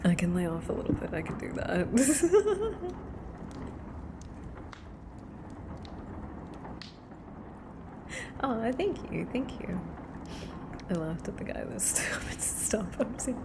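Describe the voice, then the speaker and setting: A woman streamer chatting between horror story readings, mostly whispering into a close microphone, excitable and drifting between a whisper and soft speech. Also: lowish voice, moderate pace, vocal fry. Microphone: close mic right in front of her.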